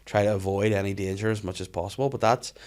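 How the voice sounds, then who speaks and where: Guy hosting a podcast, lowish voice, animated sweary storytelling. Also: fast. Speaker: podcast host. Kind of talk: casual podcast chat.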